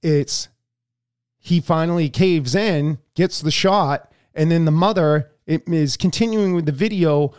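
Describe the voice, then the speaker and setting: Man, co-host, heated and profane, stumbling repeats, fairly high-pitched voice. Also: unhurried, darkish tone, clean tone. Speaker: podcast co-host. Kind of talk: casual political podcast chat.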